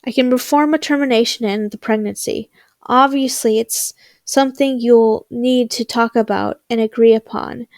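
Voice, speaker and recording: A woman's voice: a little high, fairly even intonation, normal speed, no echo, clean studio sound, natural voice. A woman voicing a nervous middle-aged school nurse in a read-aloud story, speaking carefully and hesitantly.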